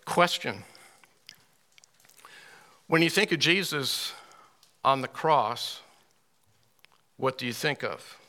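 A man preaching to a room, speaking slowly and deliberately with a bright, forceful tone. He reads scripture aloud with rising emphasis and clears his throat often, and his voice rings out with a long hall echo. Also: mid-range voice, lively intonation. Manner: asks the audience pointed questions. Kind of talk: sermon. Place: room with listeners.

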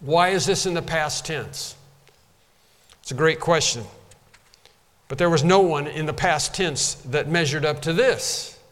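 A man's voice: a little high, a little slow, long pauses, fairly bright tone, long reverb tail. A man preaching a sermon, explaining scripture and lifting his voice to stress key phrases. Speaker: pastor.

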